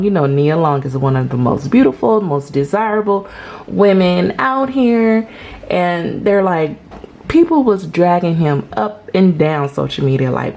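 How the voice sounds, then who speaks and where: A woman's voice: on the low side, animated, a little slow, a little mellow. A woman hosting a celebrity gossip channel, chatting casually and emphatically with dramatic reactions.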